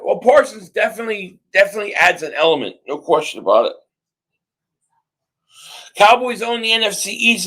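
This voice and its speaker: A man hosting a live sports reaction stream, ranting excitably and often shouting at the game. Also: sits high. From Philadelphia area.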